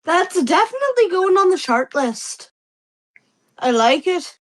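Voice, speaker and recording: A woman playing in a tabletop game, chatting casually at the table with quick asides. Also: very high-pitched, big pitch swings, dry recording. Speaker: player.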